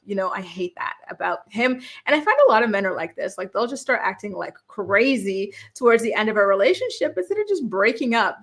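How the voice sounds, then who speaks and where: A woman's voice: fairly high pitch, fairly bright tone. Sassy woman. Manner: sassy, exasperated, lots of fillers and laughs. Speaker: reality TV recap host. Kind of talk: casual opinionated recap.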